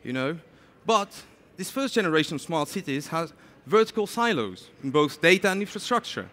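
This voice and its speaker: A man giving a lively conference talk, chatty and animated, often saying "you know". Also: on the high side, moderate pace. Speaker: conference speaker. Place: conference stage.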